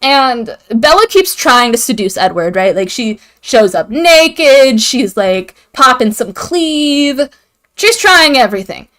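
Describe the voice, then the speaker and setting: A woman's voice: sits high, sing-song, slow pace, a bit bright. A young woman hosting a video, giving an irreverent, profane comedic recap of a story and acting out the characters' lines. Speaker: video host.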